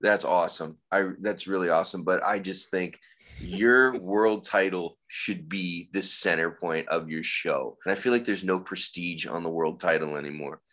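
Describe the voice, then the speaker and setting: A man's voice: low-pitched, steady tone, moderate pace, fairly bright tone. A man co-hosting a podcast, telling stories with sarcasm and profanity. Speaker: podcast co-host. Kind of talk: casual wrestling podcast chat.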